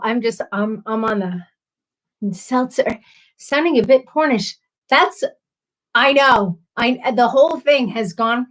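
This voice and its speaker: A woman chatting on her livestream in a slightly high voice, slow and unhurried. She rambles, giggles and keeps apologizing, a little tipsy from her drinks. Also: rough recording. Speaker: livestream host. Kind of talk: casual livestream chat.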